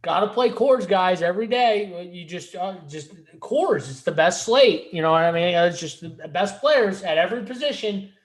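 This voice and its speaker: A man's voice: high voice, expressive, moderate pace, few pauses. A man hosting a casual fantasy sports podcast, teasing his co-host in a laid-back, playful way.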